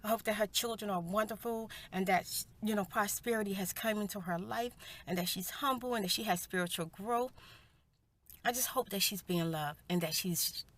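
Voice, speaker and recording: A middle-aged woman in a soft-spoken personal storytime, heartfelt and spiritual, talking to viewers as "you guys" and "y'all" on a close mic indoors. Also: medium pitch, moderate pace. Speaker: ASMR storyteller. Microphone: close mic for eating sounds.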